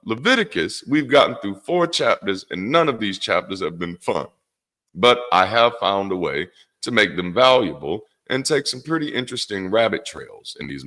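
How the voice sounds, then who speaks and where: A middle-aged man hosting a casual livestream, speaking candidly with plenty of swearing and animated rants. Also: lowish voice. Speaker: host.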